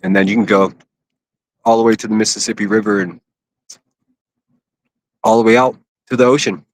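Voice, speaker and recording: A man's voice: on the low side, steady tone, normal speed, no echo. A man from Pittsburgh chatting casually and a bit crudely on a phone livestream from an outdoor city park. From Pittsburgh, USA. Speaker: IRL livestreamer.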